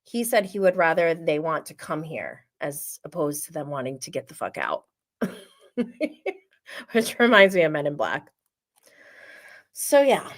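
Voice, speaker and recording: A woman hosting a casual reality TV recap, gossipy and animated, often laughing. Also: sits low. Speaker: host.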